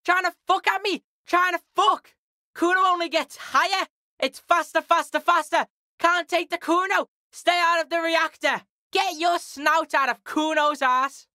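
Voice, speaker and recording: A woman's voice: extremely high pitch, steady tone, a little slow, sharp tone, dry recording, clean studio sound, exaggerated voice. A woman voicing a foul-mouthed, cocky young street boy who brags and talks about himself in the third person. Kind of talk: video game character acting.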